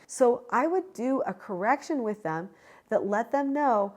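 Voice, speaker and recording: A woman hosting her own channel, giving parenting advice in a calm, measured and directive way. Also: fairly high pitch. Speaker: parenting educator and channel host. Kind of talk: direct-to-camera advice talk.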